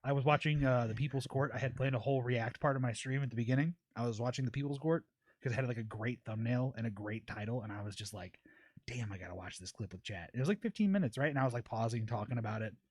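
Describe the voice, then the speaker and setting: Fast-talking man, animated podcast storyteller. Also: mid-range voice, no echo. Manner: fast, animated storytelling with swearing and quoted voices. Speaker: podcast host and streamer. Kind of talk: casual chat.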